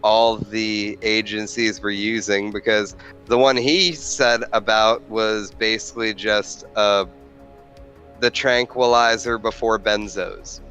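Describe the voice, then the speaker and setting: A man's voice: on the low side, fairly even intonation, takes it slowly, pushed and bright, soft background music. A man arguing his side in a heated podcast debate, insistent and listing his points, often restarting words. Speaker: podcast guest.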